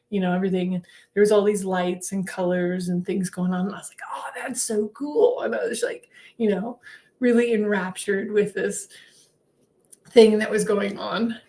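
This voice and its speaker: A woman hosting a spiritual livestream, telling her story casually and animatedly with frequent laughs. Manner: chatty, laughs often between sentences; animated, swings her voice up high when acting out her own replies.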